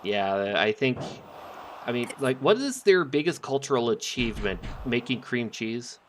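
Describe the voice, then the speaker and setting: A man from Minnesota chatting casually with friends while playing a wrestling game, relaxed and full of fillers. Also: medium pitch, normal speed, slight background noise.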